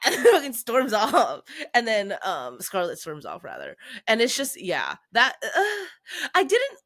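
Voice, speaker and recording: A woman co-hosting a book podcast, talking through a story in relaxed, casual conversation. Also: on the high side, measured pace. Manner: relaxed, conversational, frequent agreeing murmurs. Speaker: podcast co-host.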